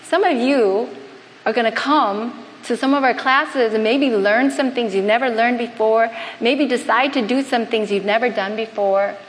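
This sermon comes from a woman preacher and health missionary who often puts questions to her congregation in a church hall. She talks at normal speed with a fairly high pitch. The recording echoes with hall reverb and carries faint background noise.

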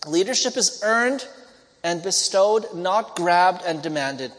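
A man's voice: high-pitched, expressive, takes it slowly, fairly bright tone. A man preaching a sermon, telling stories and acting out the voices of the people in them. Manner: storytelling, acts out quoted voices. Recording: long hall reverb.

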